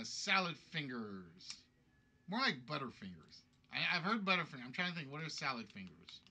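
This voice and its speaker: A man's voice: medium pitch, sharp tone. A man hosting a live-streamed game show from home, thinking aloud and rambling as he chats. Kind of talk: casual live-stream chat.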